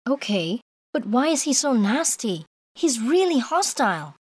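Bubbly teen schoolgirl, high and bouncy, put on by a male narrator, dry close audiobook sound. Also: animated, normal speed, no room sound. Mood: chatty. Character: cheerful teenage schoolgirl. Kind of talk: audiobook character voice.

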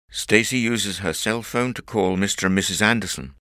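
A man narrating a story in a clear, expressive audiobook reading. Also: on the low side, normal speed, no room sound, clean studio sound.

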